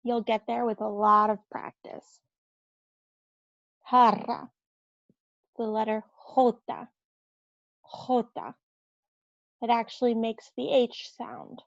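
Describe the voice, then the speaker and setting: A woman teaching the Spanish alphabet, saying each word slowly and repeating it for learners. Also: fairly high pitch, level tone, creaky, dry recording. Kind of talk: slow alphabet pronunciation lesson. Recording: dull lo-fi dry audio.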